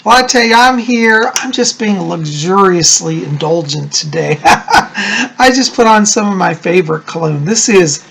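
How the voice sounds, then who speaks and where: A man, a psychic and Wiccan high priest, chatting casually to his viewers in a gushing, rambling way. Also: measured pace, gravelly, a bit bright, a little hiss or hum. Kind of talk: casual chat to camera.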